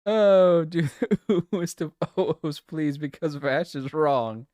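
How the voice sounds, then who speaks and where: A man's voice: fairly high pitch, slow, mellow, no room sound, clean studio sound. A man streaming live, chatting casually with his viewers, giggling a lot and swearing playfully.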